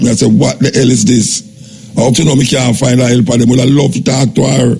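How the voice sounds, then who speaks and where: An older Jamaican man hosting a radio talk show. He gives a measured, skeptical monologue in Jamaican Patois. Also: mid-range voice, gravelly, a little mellow, husky. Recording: radio broadcast with faint background noise.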